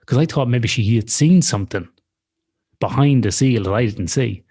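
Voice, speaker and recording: A man's voice: medium pitch, expressive, normal speed, dark tone, slightly rough. A man telling a story in casual podcast chat, swearing freely and talking animatedly. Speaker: podcast co-host.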